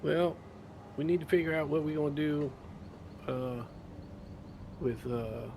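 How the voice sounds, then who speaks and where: A man's voice: on the high side, measured pace, noisy background. A man playing a tabletop role-playing game, talking casually and rambling with fillers. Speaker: player.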